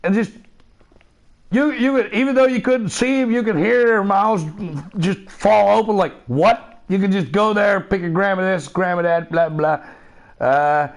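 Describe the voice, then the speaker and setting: A man's voice: high voice, normal speed. A man from the Netherlands with a Dutch accent, chatting casually and profanely as a streamer. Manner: laid-back, profane, laughs often. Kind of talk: casual chat while gaming.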